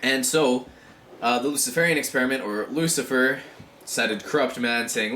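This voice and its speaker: Man, mid-pitched voice, rambling vlog talk, frequent throat clearing, roomy echo. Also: a little fast, a bit bright, slight background noise. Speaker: vlogger. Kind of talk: casual monologue to camera.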